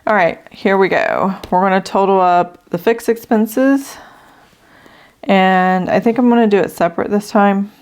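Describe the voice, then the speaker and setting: A woman's voice: mid-range voice, a little slow, darkish tone. A middle-aged woman hosting a budgeting channel, thinking aloud as she adds up figures, a little out of breath from allergies. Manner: thinks aloud while adding numbers, with fillers. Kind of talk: casual budget walkthrough.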